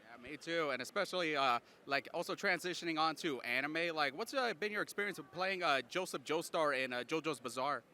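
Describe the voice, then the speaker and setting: An upbeat man hosting a convention interview speaks quickly in a very bright, sharp voice. His questions come eager and loose, packed with fillers, recorded outdoors among the event. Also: a little high, slight background noise.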